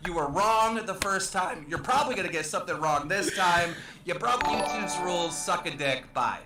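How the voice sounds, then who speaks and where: Angry high-voiced man on an echoey call. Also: expressive, moderate pace, over loud music. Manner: angry, insulting, repeats himself. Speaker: guest caller. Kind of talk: heated argument on a call. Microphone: call audio.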